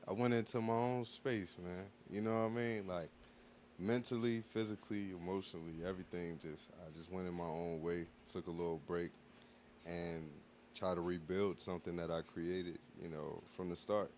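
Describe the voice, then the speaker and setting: A man's voice: low voice, steady tone, normal speed, darkish tone, slight background noise. A man appearing as a musician guest on a podcast, talking in an easygoing, reflective way and often asking "you know what I mean". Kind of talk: casual interview chat.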